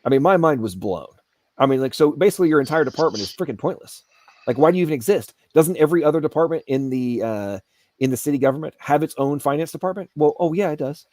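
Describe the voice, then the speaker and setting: A man's voice: a little high, animated, quick pace, a little mellow, dry recording. A man hosting an aftershow, ranting heatedly and sarcastically about government waste. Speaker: show host. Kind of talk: aftershow rant. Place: Asheville home studio.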